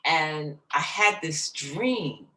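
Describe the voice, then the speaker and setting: A middle-aged woman, a jazz singer as guest, slowly and emotionally telling a personal story in an interview. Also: deep voice, lively intonation, echoey room, distant mic, low-quality recording. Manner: slow, soft, emotional recounting. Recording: voice slightly off-mic, faint background noise.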